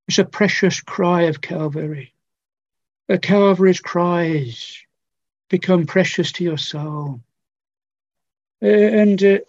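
An older man preaching a sermon, earnest and pleading, with repeated phrases and long pauses. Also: high-pitched, dark tone, no room sound. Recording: dull lo-fi recording.

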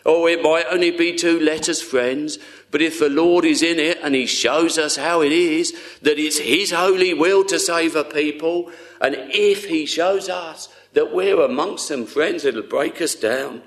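Slow, tender-voiced male preacher. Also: a little high. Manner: earnest, tender, slow with long pauses, often dropping to a hush. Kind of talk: sermon.

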